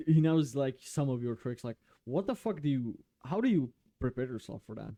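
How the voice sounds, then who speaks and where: A man hosting a casual podcast asks relaxed, curious questions, full of "like" and casual swearing. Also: medium pitch, normal speed. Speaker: podcast host.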